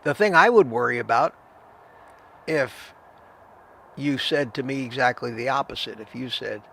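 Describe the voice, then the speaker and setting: A man's voice: medium pitch, moderate pace, gravelly, pauses often, a bit bright. An older man hosting a live stream, chatting casually, giving advice and greeting viewers by name. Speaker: livestream host answering viewer chat.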